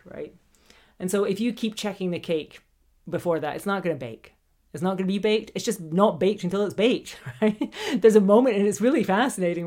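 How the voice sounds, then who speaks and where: A woman's voice: fairly low pitch, a little mellow. A woman hosting a solo motivational podcast, talking animatedly, acting out quoted inner voices and laughing often. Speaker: podcast host.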